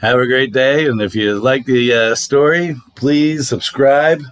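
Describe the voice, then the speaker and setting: A man's voice: mid-range voice, measured pace, clear, resonant tone. A middle-aged man hosting a casual vlog, telling dating stories in a wry, conversational way. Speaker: vlog host. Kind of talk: casual storytelling.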